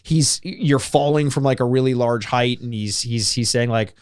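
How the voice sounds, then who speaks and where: A man's voice: mid-range voice, normal speed, a little mellow, clear, resonant tone, dry recording. Chatty podcast co-host man, dry sound. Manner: chatty, lots of filler and restarts, mimics announcer voices. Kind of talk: casual chat.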